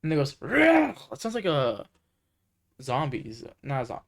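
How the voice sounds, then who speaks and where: Excitable rambling young man streaming. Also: fairly high pitch, measured pace, pauses often. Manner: rambling, excitable, full of "like" and "dude". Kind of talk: casual reaction commentary. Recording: noisy home mic.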